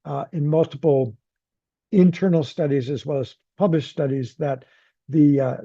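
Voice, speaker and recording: A psychologist giving a research lecture at grand rounds, in a measured, deliberate way with frequent pauses and fillers. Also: male voice, on the high side, steady tone, dark tone, dry recording. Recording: dull, muffled lecture audio.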